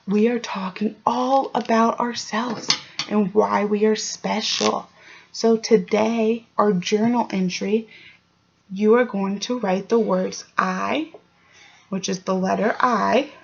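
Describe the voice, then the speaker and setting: A woman teacher giving a clear early-grade phonics lesson, sounding out letters and asking the children encouraging questions. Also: medium pitch, muffled recording. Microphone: home recording for online class.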